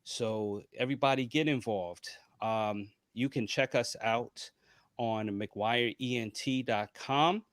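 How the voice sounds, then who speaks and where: A man's voice: medium pitch, takes it slowly, no echo, studio quality. A man hosting a podcast, wrapping up with upbeat thanks and promotions, rattling off rhythmic lists. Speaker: podcast host. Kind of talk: podcast interview and sign-off.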